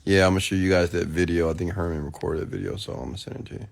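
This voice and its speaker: Deep gravelly man on a livestream. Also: rapid-fire. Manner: rambling, excitable, lots of restarts. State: recovering from food poisoning. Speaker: livestream host answering viewer comments. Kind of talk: casual late-night livestream chat.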